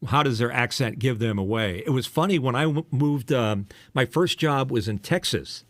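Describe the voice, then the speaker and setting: A man's voice: medium pitch, animated, moderate pace, no room sound, studio quality. Older man with a polished radio voice. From eastern United States. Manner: teasing, rambling, filler-heavy. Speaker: podcast host and former radio DJ. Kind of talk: casual chat.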